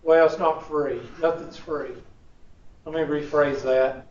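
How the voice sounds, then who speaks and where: The college instructor here is a man with a slightly high, darkish voice, speaking slowly in a steady tone. He teaches casually, cracking jokes and drawling "y'all," and the distant room recording comes across echoey and dull.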